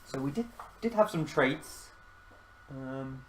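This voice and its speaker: A man's voice: medium pitch, expressive, slow pace, long pauses, a bit bright, a little hiss or hum. A man hosting a live chess stream, talking casually and self-deprecatingly, often laughing as he thinks aloud.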